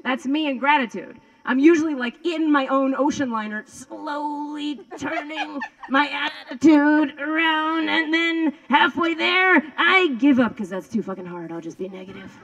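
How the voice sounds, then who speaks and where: A woman's voice: high-pitched, a little slow, hardly any pauses, fairly bright tone, dull audio. A woman doing stand-up comedy outdoors on a lawn, rambling, swearing and mocking herself. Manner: rambling, profane and self-mocking. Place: outdoors on a lawn before a crowd.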